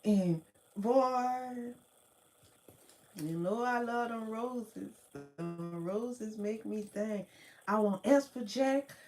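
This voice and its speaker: A woman with a New Orleans accent telling her own story in casual, slangy talk, laughing often and jumping into excited quotes of herself. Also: a little high, extremely slow, faint music behind. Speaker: spiritual vlogger.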